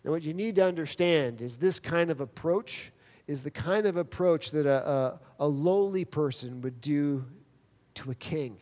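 A man's voice: fairly high pitch, a little mellow. Man preaching in an echoing hall. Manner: earnest, emphatic preaching with dramatic pauses. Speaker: pastor. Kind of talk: sermon. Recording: long reverb of a large hall.

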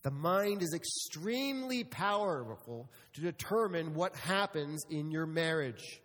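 A middle-aged pastor preaches to his congregation, telling stories with humor and speaking directly to the room. His voice is fairly high, and the recording has a long reverb tail.

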